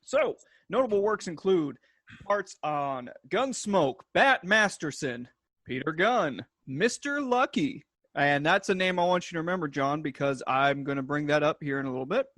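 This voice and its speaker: Higher-voiced male podcast co-host. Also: animated, moderate pace, fairly bright tone, no room sound, studio quality. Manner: enthusiastic, list-like delivery. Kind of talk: casual chat.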